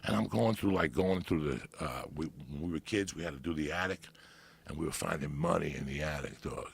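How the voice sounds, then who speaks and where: Gravelly, profane New man. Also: a bass voice, a little fast. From New Jersey. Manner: animated, profane storyteller. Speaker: podcast guest. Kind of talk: casual storytelling.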